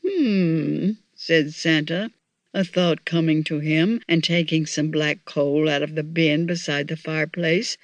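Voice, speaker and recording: Slow-reading woman storyteller. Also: low voice, level tone, no echo. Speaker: audiobook narrator. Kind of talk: children's story narration.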